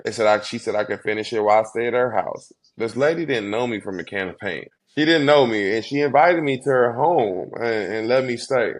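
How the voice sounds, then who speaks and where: A man in his thirties with a fairly low voice, recounting his past as an interview guest. He speaks earnestly and from the heart, with quick runs of words broken by slow, weighted phrases. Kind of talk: emotional storytelling interview.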